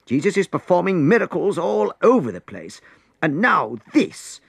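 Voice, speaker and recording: A man's voice: high voice, very animated, moderate pace, gravelly, slightly rough, dry recording, studio quality, voice pushed up, full character voice. A man voicing anxious male Pharisees in a storybook reading, with a whiny, fretting way of talking. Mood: whining. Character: whining worried male Pharisees.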